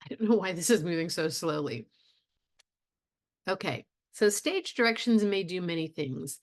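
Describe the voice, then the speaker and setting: A woman's voice: fairly low pitch, animated, moderate pace. Brief: middle-aged woman teaching a college theatre class, chatty lecture tone, asks the class questions. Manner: conversational, with fillers and rhetorical questions. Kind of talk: recorded video lecture.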